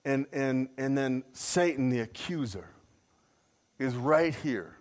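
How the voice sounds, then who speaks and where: A man preaching a sermon, telling a personal story with self-deprecating humor and jumping into a high voice to mimic his own outrage. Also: lively intonation, slow. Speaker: pastor.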